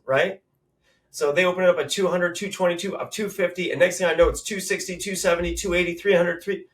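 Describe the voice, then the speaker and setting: A man's voice: a little high, distant mic. A man in his thirties from Southern California, a podcast guest telling motivational stories in an emphatic, punchy way. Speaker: guest, real estate investor. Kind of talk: conversational storytelling.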